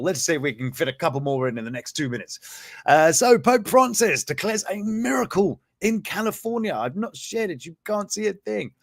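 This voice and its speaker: Brief: a jokey, rambling man hosting a comedic news show, slightly high voice. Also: no room sound, studio quality. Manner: joking, laughs often, rambling asides. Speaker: host.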